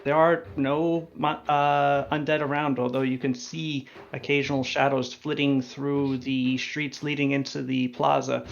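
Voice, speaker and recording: A man narrating a tabletop game as game master, relaxed and thinking aloud with fillers. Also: medium pitch, unhurried, vocal fry, few pauses, lo-fi sound, a little hiss or hum.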